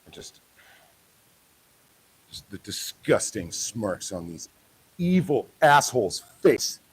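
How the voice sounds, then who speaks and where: A man filming a street vlog, switching between low muttered asides to the camera and sarcastic, mock-formal heckling. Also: sing-song, slow, slightly rough, poor audio. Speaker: protester filming himself.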